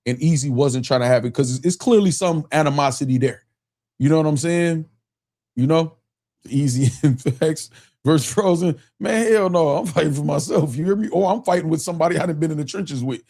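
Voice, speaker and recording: Here a live show host with a fairly high, dark voice speaks fairly quickly in casual stream commentary. Loose and talkative, he laughs a lot and reads messages from the chat out loud.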